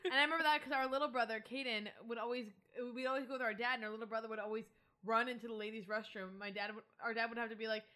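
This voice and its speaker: A young woman with a bright, fairly high voice chats casually on a podcast. She speaks with playful emphasis and lively, easy conversation. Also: racing. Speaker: podcast co-host. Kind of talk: casual chat.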